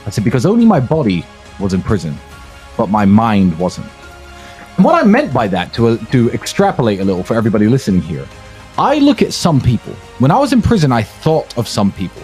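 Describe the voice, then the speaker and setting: A man's voice: fairly low pitch, huge pitch swings, fairly quick, a little mellow, faint music behind. A man on a podcast telling a story in a scornful, emphatic way, drawing out key words. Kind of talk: storytelling monologue.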